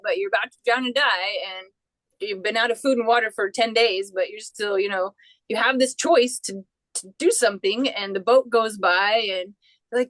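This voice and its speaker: A woman with a fairly high voice tells a personal story as an interview guest. She is animated and breaks off and restarts often, and she acts out the people she quotes. The sound is close and dry. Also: no echo, rough recording.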